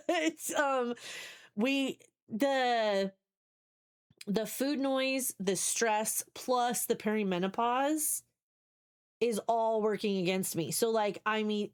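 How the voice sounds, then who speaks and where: A woman in her forties streaming live, talking casually in a mid-pitched voice. She is candid and rambling, often restarting sentences as she thinks aloud. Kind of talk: casual chat.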